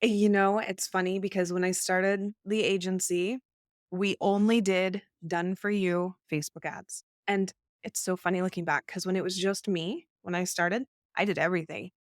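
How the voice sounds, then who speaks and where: A woman guesting on a podcast, an agency owner telling candid stories about her business in a lively, conversational way. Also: lowish voice, normal speed, no echo, studio quality. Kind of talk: casual conversation.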